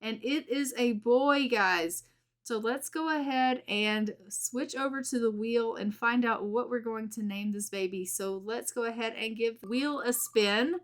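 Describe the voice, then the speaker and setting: A woman's voice: on the high side, measured pace. A young woman hosting a video game let's play, narrating the story in a chatty way. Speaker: gaming video host.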